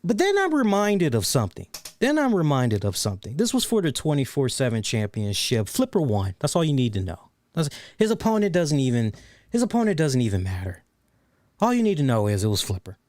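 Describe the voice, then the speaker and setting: A man's voice: mid-range voice, brisk, dry recording. A man hosting a wrestling review show, ranting sarcastically with lots of swearing and repeated phrases. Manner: animated, sarcastic, profane, repeats phrases for emphasis. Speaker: podcast host. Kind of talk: casual wrestling review rant.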